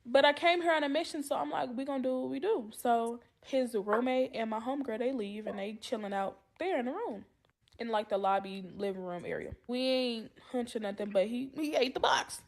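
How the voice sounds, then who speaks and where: A woman with a high voice tells a story on a podcast. She is profane and dramatic, and she acts out every line of dialogue. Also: normal speed. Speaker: podcast co-host. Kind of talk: animated storytelling, casual chat.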